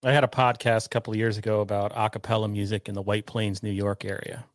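A man co-hosting a podcast, chatting in a relaxed, matter-of-fact way. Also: lowish voice, fast talker, no echo, studio quality. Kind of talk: casual chat.

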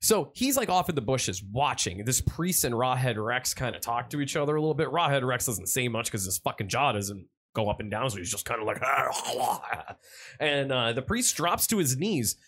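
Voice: mid-range voice, very animated, a little fast, few pauses, a bit bright. A podcast co-host casually retelling a horror movie in a rambling, profane way. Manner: rambling, profane, laughing, does voices.

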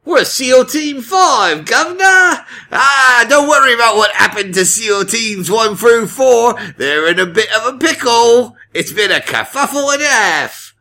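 A man putting on a hearty, exaggerated British soldier voice, shouting jolly exclamations. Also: very high-pitched, expressive, unhurried, few pauses, voice pushed up, heavily acted. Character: blustering British soldier, male adult.

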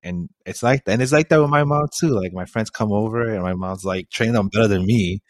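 A man's voice: lowish voice, a little fast, dry recording. A young man from a Puerto Rican family, co-hosting a podcast and telling a story in a laughing, casual way. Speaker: podcast co-host. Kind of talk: casual chat. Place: home, sitting face to face.

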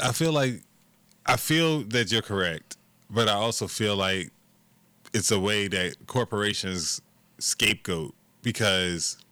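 A man's voice: on the low side, bright, forceful tone, dry recording. A man co-hosting a casual podcast, giving blunt, profane opinions. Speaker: podcast co-host. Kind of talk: casual chat.

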